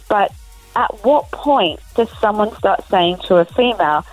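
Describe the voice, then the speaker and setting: A woman's voice: medium pitch, lively intonation, normal speed, no echo, soft background music, low-quality recording. A woman, speaking frankly as an expert guest on a radio talk show. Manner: articulate, explaining frankly. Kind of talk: radio discussion.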